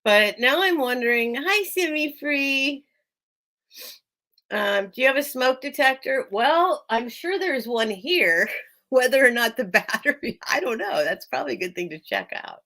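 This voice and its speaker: A woman's voice: a little high, lively intonation, measured pace, pushed and bright. An American woman hosting a live sale stream, chatting casually with viewers by name and laughing often.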